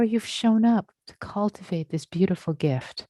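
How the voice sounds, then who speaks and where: A woman meditation teacher speaking gently and reassuringly to a group on a video call, slow and sometimes breathy. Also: medium pitch, no room sound. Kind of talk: gentle dharma talk to a Zoom group. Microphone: computer mic on a video call.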